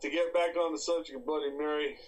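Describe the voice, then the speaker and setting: A man's voice: on the high side, fast talker, poor audio. A man hosting a paranormal podcast, chatting casually and joking with his co-host and the audience. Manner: animated, joking, plays to the audience. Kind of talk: casual chat.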